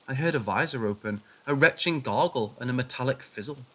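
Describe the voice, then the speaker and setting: A man narrates a first-person horror story in a hushed, tense manner. His voice sits at a middle pitch for a man. He reads it as a scripted telling. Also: animated, a little fast.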